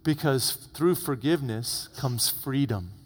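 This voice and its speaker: A male pastor preaching a sermon, retelling a story dramatically and dropping to hushed tones for emphasis. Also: medium pitch, a little slow, slightly rough. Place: church. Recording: long reverb of a church hall.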